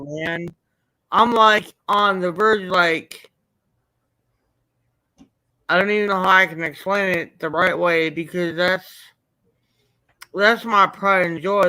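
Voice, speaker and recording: Guy fighting back tears, high bright voice, slow halting talk, super dry sound. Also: no room sound, low-quality recording. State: near tears. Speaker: interviewee. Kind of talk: emotional interview.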